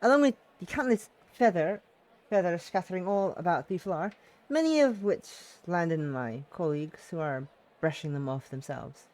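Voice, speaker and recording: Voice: mid-range voice, expressive, normal speed, darkish tone. Chatty streamer reading a visual novel aloud. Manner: chatty, self-mocking, laughs often; tries out character voices.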